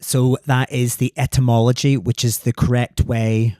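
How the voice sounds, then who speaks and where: A man's voice: mid-range voice, flat delivery, normal speed, dark tone, no echo, clean studio sound. A Northern Irish man co-hosting a podcast, chatting casually and explaining local words with an easy laugh. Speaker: podcast co-host.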